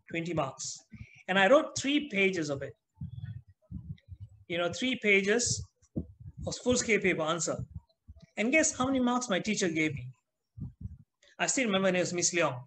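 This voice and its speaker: A man's voice: high voice, a bit bright, a little hiss or hum, low-quality recording. Chatty male trainer. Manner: chatty, asks the class questions. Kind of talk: online class talk.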